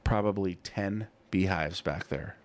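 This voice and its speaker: Low-voiced man telling a rambling story. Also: measured pace. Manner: rambling, lots of "you know" and "I'm like". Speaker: podcast co-host. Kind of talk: casual storytelling chat. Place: small podcast studio. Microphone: studio mic.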